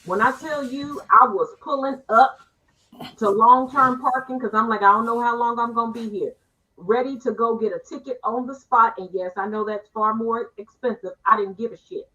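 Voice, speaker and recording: A woman hosting a casual online panel, telling stories with quick asides and playful teasing over a video call. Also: a little high, sharp tone, poor audio. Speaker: panel host.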